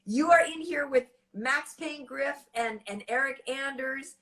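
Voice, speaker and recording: A woman's voice: sits high, measured pace, a bit bright. A woman hosting a casual talk show, upbeat and laughing along with guests. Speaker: host. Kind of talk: casual chat.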